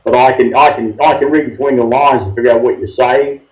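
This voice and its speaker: A man in his sixties with an Australian accent joins a phone call as a guest, speaking briskly in a medium-pitched, fairly even, slightly mellow voice. Easygoing and rambling, he says mate, and the call audio sounds roomy and dull.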